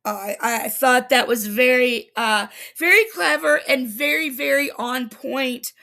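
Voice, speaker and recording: A woman's voice: sits high, steady tone, measured pace, gravelly, bright, forceful tone. A woman hosting a casual TV recap livestream, chatting enthusiastically with easy laughs. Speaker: recap show host. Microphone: livestream desk mic.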